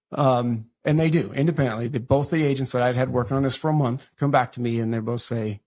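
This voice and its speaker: A middle-aged man talks as a podcast guest, recounting events at a quick clip. He slips into the voices of the people he quotes, then drops back to plain storytelling. His pitch sits in an ordinary middle range for a man. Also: darkish tone. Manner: fast retelling that acts out quoted dialogue. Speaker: interview guest. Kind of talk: conversational storytelling interview.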